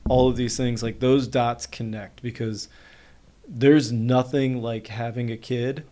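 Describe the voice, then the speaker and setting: A man in his thirties from North Carolina, a podcast guest telling a story in casual conversation. He speaks quickly and animatedly, with plenty of "like" fillers, and his voice sits at a middle pitch. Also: level tone, mellow.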